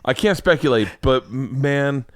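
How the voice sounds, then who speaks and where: A man's voice: medium pitch, normal speed, no room sound, clean studio sound. A middle-aged man, a comedian hosting a podcast, chatting casually and acting out the people in his stories. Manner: animated storyteller, acts out quotes in a raised voice. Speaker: podcast host. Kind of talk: casual chat.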